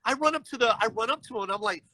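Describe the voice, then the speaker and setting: A man telling a personal story as a guest on a livestreamed video call, animated and acting out the people in it, often checking in with "you know what I mean.". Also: very high-pitched, racing, no echo, poor audio. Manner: animated, acts out voices in his story.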